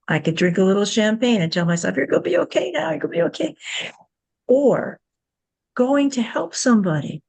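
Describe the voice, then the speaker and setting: A woman hosts a candid podcast, speaking earnestly and reflectively while often restarting and repeating her words. Her voice is mid-range with a darkish tone.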